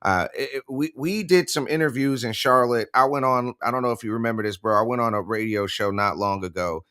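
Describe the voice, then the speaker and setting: A man's voice: mid-range voice, fairly quick, bright, forceful tone, smooth, dry recording, clean studio sound. A man co-hosting a casual political morning talk show, reading text aloud with sarcastic, incredulous asides. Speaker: co-host.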